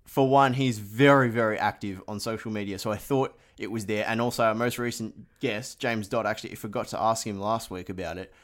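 A man's voice: on the low side, fairly even intonation, brisk, hardly any pauses, a bit bright. A man hosting a podcast, chatting casually and poking fun at himself. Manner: chatty, self-mocking banter. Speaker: podcast host. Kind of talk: casual chat.

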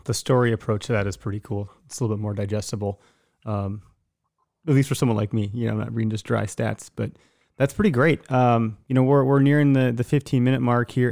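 A man's voice: mid-range voice, gravelly, a little mellow, dry recording. Easygoing male podcast host, dry sound. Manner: affirming, easygoing, filler-heavy. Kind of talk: casual interview talk.

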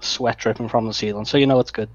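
A man from England with a Liverpool accent, calling in to tell a story in relaxed, casual chat. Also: fairly low pitch, quick pace, highs cut off, crowd noise. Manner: relaxed storyteller, laughs while telling. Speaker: caller.

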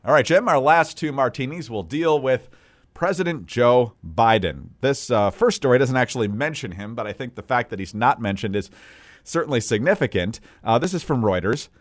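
A man co-hosting a political podcast, reading news quotes aloud in a measured, wry way and adding commentary between them. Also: mid-range voice, animated. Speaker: podcast co-host.

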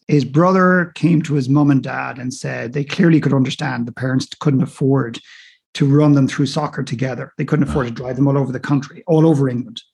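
A man who is a guest coach, telling stories in lively conversation and acting out the dialogue as he goes. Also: mid-range voice, creaky, breathy edge. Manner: animated, acts out dialogue in stories. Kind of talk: conversational storytelling.

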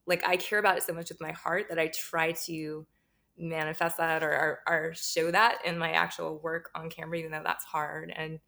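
A woman with a low, gravelly voice talks openly as a guest in a relaxed interview. She laughs often and swears without a second thought. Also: normal speed. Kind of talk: casual interview chat.

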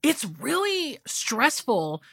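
A woman's voice: high-pitched, sing-song, slow pace, creaky, pushed and bright, no echo. A woman co-hosting a podcast, chatting casually with emphatic swearing. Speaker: podcast co-host. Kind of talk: casual chat.

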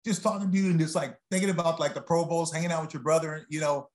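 A man, a former football player, chatting as a podcast guest in a lively, exclaiming way. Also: on the high side. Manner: lively, animated storyteller, quick to exclaim. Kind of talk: casual interview chat.

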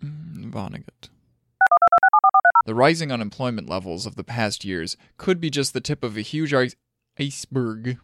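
A man's voice: mid-range voice, expressive, normal speed, hardly any pauses, fairly bright tone, dry recording. A man narrating an audiobook who stumbles over unfamiliar names, swears under his breath and retries them again and again. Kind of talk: audiobook reading with bloopers and retakes.

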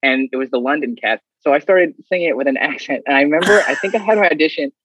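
Husky-voiced man telling stories. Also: fairly high pitch, quick pace, no echo. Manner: animated, acts out others' lines. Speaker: guest. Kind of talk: casual storytelling. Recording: dull, slightly muffled audio.

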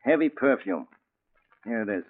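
A man's voice: fairly low pitch, expressive, moderate pace, husky. An actor playing a wry, matter-of-fact male police captain in a 1940s radio drama. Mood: dry. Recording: tinny old radio broadcast.

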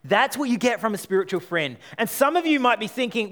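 A man preaching a sermon, animated, acting out quoted voices and moving between loud lines and hushed ones. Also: sits high, fast talker. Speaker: pastor.

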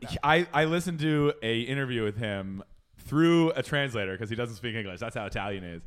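A man's voice: medium pitch, lively intonation, brisk, clear, resonant tone. A man in his thirties co-hosting a podcast, joking in a laid-back, casual way. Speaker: podcast co-host. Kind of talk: casual chat.

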